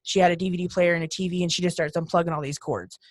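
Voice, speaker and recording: Animated woman telling ghost stories. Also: fairly low pitch, rapid-fire, no room sound, studio quality. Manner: animated, acts out voices in her stories. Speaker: ghost hunter guest. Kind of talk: casual podcast storytelling.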